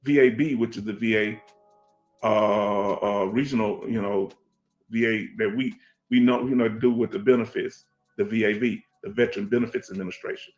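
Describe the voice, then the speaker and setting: This fairly low, steady voice, at a moderate pace with faint music in the background, comes from a middle-aged veteran hosting a laid-back livestream. A streetwise Houston, Texas man speaking Houston Black American English, he reads chat through a headset, stresses his points, repeats himself and asks "you understand?"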